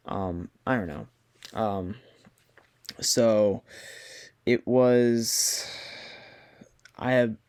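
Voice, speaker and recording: A young man talking slowly to his viewers in a halting way, with many fillers and restarts, while trying not to cry. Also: on the low side, a little mellow. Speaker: vlogger. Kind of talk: casual personal talk to camera. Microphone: computer mic on a video call.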